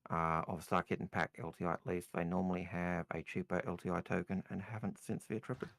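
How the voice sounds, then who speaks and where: Male co-host, very deep voice, laid-back, reads the chat questions. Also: flat delivery, quick pace, gravelly, fairly bright tone, dry recording. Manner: reads viewer questions aloud, brief agreeing replies. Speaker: co-host reading viewer questions. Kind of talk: casual podcast chat.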